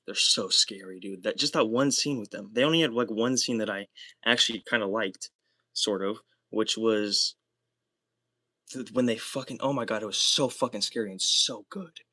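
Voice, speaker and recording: A young man livestreaming alone, talking in a rambling, excitable way, full of fillers and swearing. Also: lowish voice, normal speed, no echo. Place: small soundproofed room.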